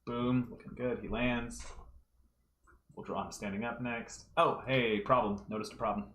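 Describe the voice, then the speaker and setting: A man's voice: medium pitch, fairly even intonation, moderate pace, a bit bright, reverberant, slight background noise. A man casually livestreaming as he draws, talking through his work step by step and thinking aloud, at home. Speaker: livestreaming fan artist. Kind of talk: casual livestream commentary while drawing. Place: room at home.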